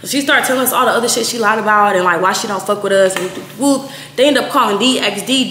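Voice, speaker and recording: A young woman in her twenties casually telling a profane story to camera, acting out quoted lines with big jumps in pitch. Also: fast, sharp tone. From Texas. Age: 20s. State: out of breath at times. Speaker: storytime vlogger. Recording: echoey room with faint noise.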